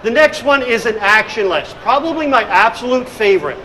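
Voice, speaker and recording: A middle-aged hospitality consultant and speaker, his voice very high, bright and forceful, talks a little fast with lively intonation. He's giving a conference room presentation on hospitality leadership, telling stories with energy and acting out scenes. Poor audio carries a little hiss or hum.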